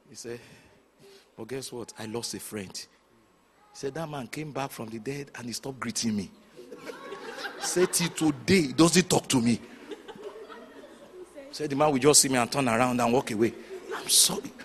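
A man preaching a sermon, telling stories with sudden shouts and hushed asides. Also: medium pitch, unhurried, pauses often, slight background noise. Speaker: pastor.

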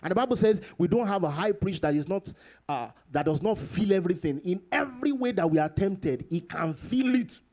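Animated male preacher, high lively voice. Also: a little fast. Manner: animated preaching with sudden high bursts and laughs; repeats phrases for emphasis. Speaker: pastor. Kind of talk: sermon.

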